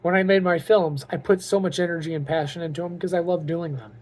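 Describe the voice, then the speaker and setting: A man's voice: on the high side, fairly even intonation, fast talker, darkish tone. Man, casual vlog, earnest, heartfelt, rambling, filler-heavy. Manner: earnest and rambling, full of "like" and "you know"; heartfelt and openly emotional. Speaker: vlogger and aspiring author. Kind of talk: casual talk to camera.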